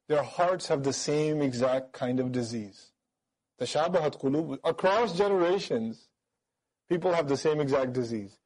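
A man giving a lively Quran commentary lecture, firing off rhetorical questions and mimicking critics. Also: high-pitched, poor audio. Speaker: Quran teacher. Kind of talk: sermon-style Quran commentary.

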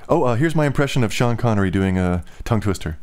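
Low-voiced man slurring a little. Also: expressive, fast, a little mellow. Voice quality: slightly slurred speech. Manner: loose, filler-heavy talk with "like". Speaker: musician and vlogger. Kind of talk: casual rambling vlog chat.

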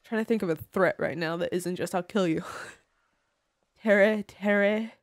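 A woman's voice: medium pitch, a little slow, dry recording, clean studio sound. A woman livestreaming a game, chatting casually with viewers, joking, swearing a lot and laughing often in a playfully dramatic way. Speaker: game streamer. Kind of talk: casual livestream chat while gaming.

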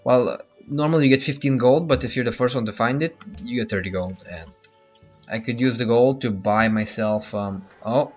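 A let's play host offers casual gameplay commentary, thinking out loud and hesitating with many fillers. His voice is medium-pitched and moderately paced. The recording is muffled and lo-fi, with game music playing.

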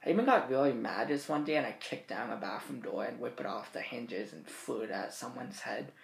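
A man's voice: mid-range voice, expressive, fairly quick, creaky. Rambling, profane eighteen-year-old guy. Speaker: vlogger. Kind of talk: casual storytelling to camera. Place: his bedroom. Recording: roomy bedroom echo.

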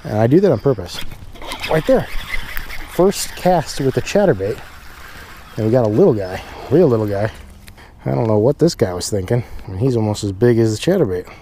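Upbeat fishing vlogger man, mellow voice. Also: fairly low pitch, fast, slight background noise. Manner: upbeat, excited when catching fish. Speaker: fishing channel host. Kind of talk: casual outdoor vlog talk. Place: outdoors by a pond in the rain.

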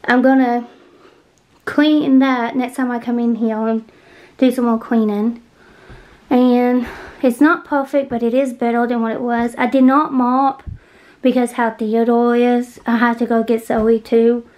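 A woman's voice: fairly high pitch, flat delivery, a little slow, muffled recording. A woman vlogging as she cleans her home entryway, out of breath, talking to viewers in a chatty, rambling way. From Kentucky. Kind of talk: casual cleaning vlog talk.

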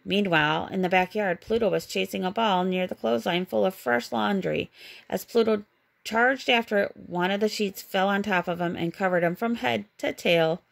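A woman reading a children's bedtime storybook aloud in a gentle, expressive way. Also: medium pitch, moderate pace, creaky. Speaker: storybook reader.

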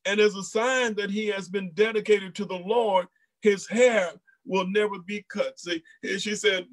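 High-voiced pastor preaching. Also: male voice, fairly even intonation, a little slow, poor audio. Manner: preaching in a folksy Black church style, with repeats and exclamations; acts out voices in quoted lines. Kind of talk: sermon.

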